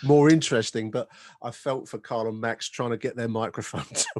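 A man's voice: medium pitch, fairly even intonation, a little fast, a little mellow. Chatty man co-hosting a football podcast. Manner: chatty, addresses listeners, many restarts. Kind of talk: casual chat.

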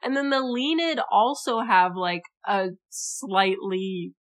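A woman's voice: mid-range voice, expressive, slow. A young woman co-hosting a book podcast in casual chat, playful and chatty, laughing mid-sentence. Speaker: podcast co-host.

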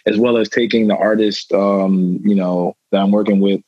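A man's voice: on the low side, steady tone, normal speed, dark tone, husky, dry recording. A man in his twenties, a guest athlete and rapper, talking in a loose, rambling way that repeats itself, heard over slightly muffled remote call audio. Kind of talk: casual interview talk.

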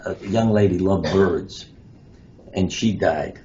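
Warm in tone and taking his time, a surgeon and author with a deep voice tells interview stories, acting out the quoted lines. The lo-fi recording is dull, with a faint hiss of noise.

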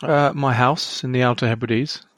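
A podcast co-host chats casually but hesitantly, filling his speech with ums and uhs. His mid-range voice is fairly bright with fairly even intonation at a normal speed, captured in clean studio sound with no echo.

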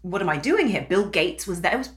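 A woman's voice: fairly low pitch, big pitch swings, quick pace. An American woman chatting as a guest in an easygoing interview. She talks in a self-deprecating way, restarting her sentences and wandering off into asides. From United States. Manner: slips into a put-on English accent. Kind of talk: casual conversation.

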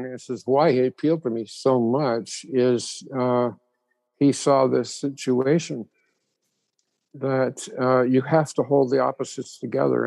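A man's voice: medium pitch, vocal fry, darkish tone, no room sound, rough recording. A man explaining ideas thoughtfully in a reflective conversation.

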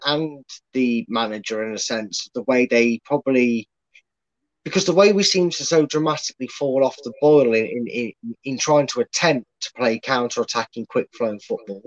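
A man's voice: mid-range voice, no room sound. A man speaks as a guest pundit on a casual live stream, rambling and doubling back on his words. His audio sounds dull and lo-fi, as if it comes over a remote connection. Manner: rambling, restarts often.

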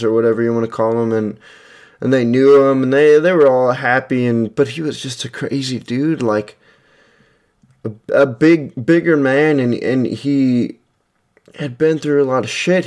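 A man's voice: mid-range voice, a little mellow. A young man casually telling a rambling, profane personal story, with lots of restarts and chuckles. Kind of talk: casual anecdote monologue.

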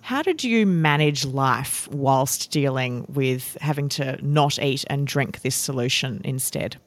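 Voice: mid-range voice, slow pace. Curious podcast host asking questions. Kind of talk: casual interview chat.

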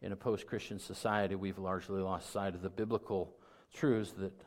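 Middle-aged male pastor, low voice, conversational sermon delivery rising to emphatic peaks. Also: fairly even intonation, brisk. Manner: conversational preaching that builds to loud emphatic peaks.

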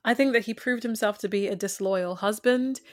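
A woman chats casually about a TV series, retelling scenes and animatedly acting out the characters' lines like a storyteller. Her voice sits at medium pitch with a moderate pace.

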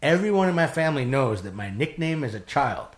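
A man tells a rough story in a loose, casual way. He is animated and profane, and he jumps into other people's voices as he goes. His voice sits at a middle pitch. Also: brisk. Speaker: guest telling his life story.

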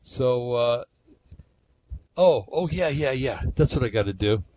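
A man's voice: mid-range voice, lively intonation, takes it slowly, a little mellow, highs cut off. A man hosting a casual solo talk show, rambling conversationally with many fillers and restarts. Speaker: podcast host.

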